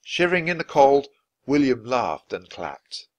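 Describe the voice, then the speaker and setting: A man reading a children's book aloud, clear and expressive, at an easy pace for learners. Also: medium pitch, a little slow, no room sound. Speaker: storybook reader.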